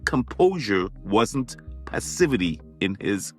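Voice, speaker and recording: Male physician-host, lively pitch, emphatic and chatty, faint music underneath. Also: slow pace. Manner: emphatic, conversational, repeats phrases for effect. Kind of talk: motivational podcast monologue.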